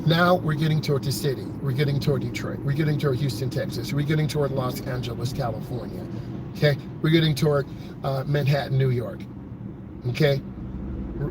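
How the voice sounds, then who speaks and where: A man, a driving instructor, coaches his live chat while driving through city traffic. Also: fairly high pitch. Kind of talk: live-streamed driving commentary. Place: inside a car in city traffic. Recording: clear car and traffic noise. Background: engine and road noise.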